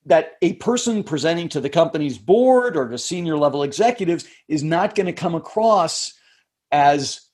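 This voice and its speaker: Husky-voiced man, higher pitched. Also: lively intonation, a little mellow. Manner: measured, explanatory, often restarts phrases. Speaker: communications coach and podcast guest. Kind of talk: conversational interview answers.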